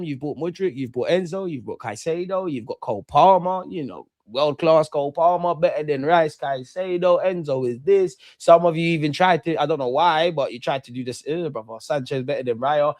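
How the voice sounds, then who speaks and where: This young streamer's voice is fairly high with a darkish tone, captured dry with clean studio sound. Watching football live, he mocks rival fans in brash, slang-heavy London rants.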